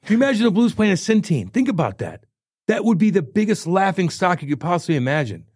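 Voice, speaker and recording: A man's voice: high voice, big pitch swings, fast talker, a little mellow, breathy edge. A man co-hosting a casual sports podcast, blunt, argumentative and profane. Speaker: podcast co-host.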